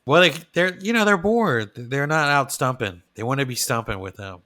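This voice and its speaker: A podcast co-host with a sharp, mid-range voice chats casually, rambling at a moderate pace and restarting his sentences often. His delivery is expressive.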